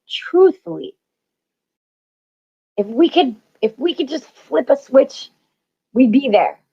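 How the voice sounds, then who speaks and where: Emphatic spiritual woman, lo-fi sound. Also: on the high side. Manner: emphatic, repetitive, swears freely. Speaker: spiritual channel host. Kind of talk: motivational spiritual talk. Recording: dull lo-fi audio.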